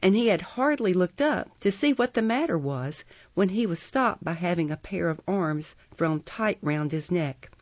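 Casting: woman audiobook narrator, lowish voice, measured pace, dull dry recording. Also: no echo. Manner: measured, even storytelling. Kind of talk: audiobook reading of a classic novel.

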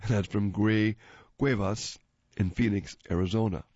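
A man hosting a joke segment, reading listener jokes aloud in an animated way and chuckling after the punchlines. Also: fairly low pitch, unhurried, husky, no echo. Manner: animated, switches voices for joke characters. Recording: dull, dry lo-fi recording.

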